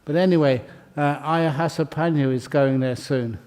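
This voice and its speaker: A man leading a ceremony, reading out names and welcoming each new member in a chatty, good-humoured way. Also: fairly high pitch. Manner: slow, warm-hearted and chatty, laughing between names. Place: meditation hall.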